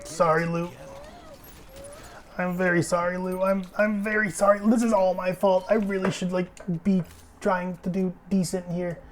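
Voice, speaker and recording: A man giving casual gameplay commentary as a streamer. He chats freely, swears often and breaks into sudden loud exclamations. He talks while sitting in a desk chair at home. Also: sits high, flat delivery, moderate pace, slight background noise. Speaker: gaming streamer.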